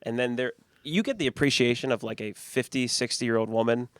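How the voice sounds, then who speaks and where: A man's voice: medium pitch, a little fast, a bit bright, no echo. A young man, podcast host, telling long rambling stories in casual chat and laughing often.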